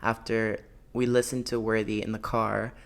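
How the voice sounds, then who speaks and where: A man's voice: fairly low pitch, level tone, normal speed, gravelly. A man co-hosting a podcast, chatting casually and enthusiastically in support of his guest. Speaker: podcast co-host.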